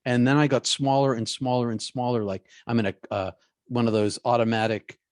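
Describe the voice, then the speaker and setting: A man, a guest in an interview, telling a personal story in a halting way, often repeating his words. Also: mid-range voice, level tone, dry recording, studio quality.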